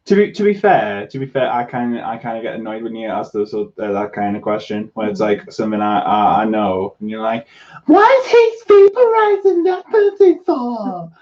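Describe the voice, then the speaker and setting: A man's voice: fairly low pitch, brisk, few pauses, darkish tone, lo-fi sound. A man with a Newcastle Geordie accent hosting a casual livestream chat, stammering and restarting his sentences a lot. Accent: Northeast English, Newcastle. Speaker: host.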